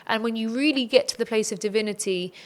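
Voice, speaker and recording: A woman's voice: on the high side, fast. A woman speaking as a podcast guest, giving earnest, reflective advice in a conversational tone.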